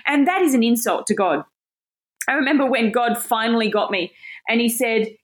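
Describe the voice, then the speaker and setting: Brief: woman Bible teacher, lively casual preaching, higher voice, quick laughs. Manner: animated, self-deprecating, laughs often. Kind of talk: casual sermon.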